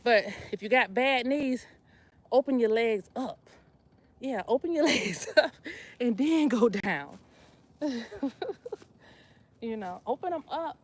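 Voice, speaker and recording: A woman, talking to her live stream viewers as she works out. Her voice sits a little high, and she talks loosely with plenty of laughs and exclamations while she squats. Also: animated, slow pace, long pauses, dry recording. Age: 50s. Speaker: livestream host. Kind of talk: casual live exercise chat.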